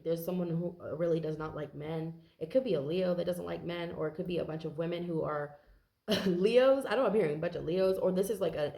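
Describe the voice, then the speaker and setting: A woman's voice: deep voice, gravelly, mellow, roomy sound. A woman giving a casual, earnest tarot reading to camera, chatty and full of fillers, now and then swearing. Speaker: tarot reader.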